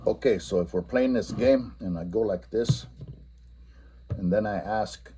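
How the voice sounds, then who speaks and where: A man giving a spoken language lesson for teachers, explaining a classroom game and repeating each phrase slowly and patiently. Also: lowish voice, warm tone, slight background noise.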